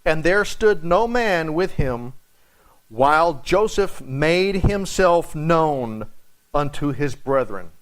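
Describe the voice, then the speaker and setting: Male pastor, higher voice, animated storyteller, teaching a Bible study in church. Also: takes it slowly. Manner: animated storytelling, acts out quotes.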